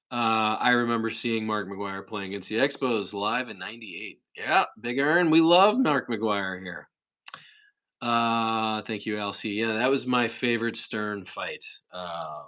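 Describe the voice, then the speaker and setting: A young man hosting a casual livestream rambles through questions from chat, now and then breaking into shrill impressions. His voice sounds pushed and bright.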